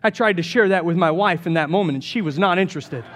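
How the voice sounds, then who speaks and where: High-voiced animated male pastor. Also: fast talker, a little hiss or hum. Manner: animated storytelling with jokes. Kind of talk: sermon.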